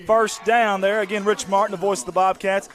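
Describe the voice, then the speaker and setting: A man calling a local high school football game, folksy and excitable, bursting into shouts on big plays. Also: brisk, soft background music. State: out of breath. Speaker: play-by-play announcer.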